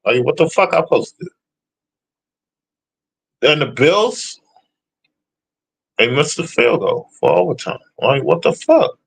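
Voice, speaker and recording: A man's voice: on the high side, big pitch swings, unhurried, pauses often, slightly rough. A man ranting casually about football predictions, blunt and profane as he answers his chat. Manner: profane, blunt, trash-talking. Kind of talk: casual sports rant.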